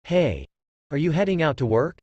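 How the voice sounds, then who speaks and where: A man's voice: on the high side, big pitch swings, normal speed, a little mellow, no room sound, lo-fi sound. A man voicing a friendly, chatty male senior police officer.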